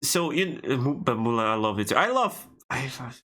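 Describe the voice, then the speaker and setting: Bright-voiced animated man co-hosting a podcast. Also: mid-range voice, moderate pace. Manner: animated, restarts often, laughs easily. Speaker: podcast co-host. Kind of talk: casual chat.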